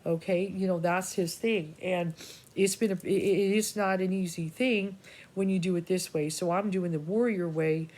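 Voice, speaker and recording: A woman's voice: on the low side, fairly even intonation, moderate pace, darkish tone. A woman psychic reader talking to her viewers in a rambling personal monologue, casual, swearing freely and restarting her sentences often. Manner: scattered, full of restarts and asides.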